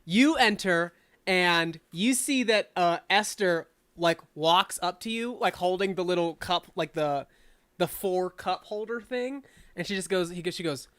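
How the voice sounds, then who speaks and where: A woman's voice: lowish voice, a little slow, fairly bright tone. A woman narrating as the game master of a tabletop game, casual and rambling with many fillers and restarts.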